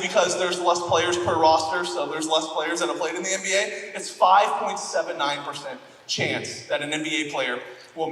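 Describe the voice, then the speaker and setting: A man's voice: a little high, a bit bright, echoey room, in a large hall, distant mic, poor audio. A man from Florida preaching a sermon as pastor, joking and self-deprecating as he tells stories. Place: church auditorium.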